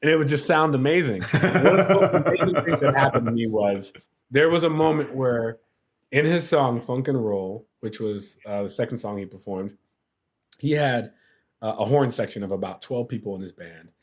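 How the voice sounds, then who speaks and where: A man's voice: mid-range voice, animated, normal speed. A middle-aged man telling a story as a podcast guest, acting out quotes and sound effects as he goes. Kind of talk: casual storytelling.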